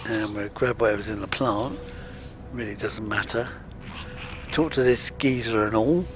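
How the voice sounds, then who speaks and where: A man's voice: fairly low pitch, moderate pace, over music. A man giving casual, chatty let's-play commentary, muttering to himself as he plays. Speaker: gaming channel host.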